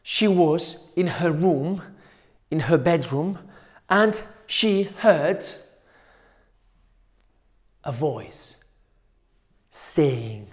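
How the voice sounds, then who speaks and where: A male teacher telling a folk tale to schoolchildren, slow and repetitive with dramatic pauses. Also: a little high, lively intonation. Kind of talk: storytelling for children.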